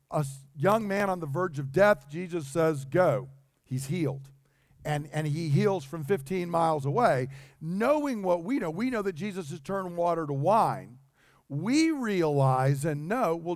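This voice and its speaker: A man's voice: high voice, dry recording, studio quality. A man preaching a sermon in a conversational way, acting out the dialogue he quotes. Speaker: pastor.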